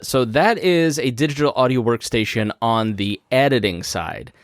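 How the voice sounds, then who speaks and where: A man's voice: medium pitch, lively intonation, moderate pace, no echo. A man hosting a podcast, explaining a topic step by step in a casual, conversational way from his studio. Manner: conversational, walks through steps plainly. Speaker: podcast host. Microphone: studio microphone through a podcast mixing board.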